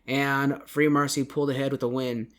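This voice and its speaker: A man's voice: mid-range voice, little pitch movement, moderate pace. A man hosting a casual podcast, rambling through an esports recap and often correcting himself. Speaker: podcast host.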